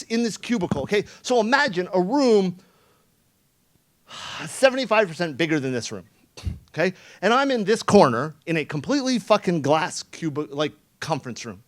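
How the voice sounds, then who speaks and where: A man giving a conference talk, telling a story in a sarcastic, profane way and acting out the quoted lines. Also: sits high. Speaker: conference speaker. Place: conference room.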